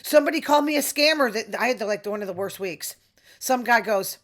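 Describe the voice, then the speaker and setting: A woman's voice: fairly high pitch, quick pace, a bit bright. A middle-aged woman, hosting a casual opinion monologue with sarcastic asides. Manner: chatty, sarcastic asides, quoting others in voices. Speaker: podcast host.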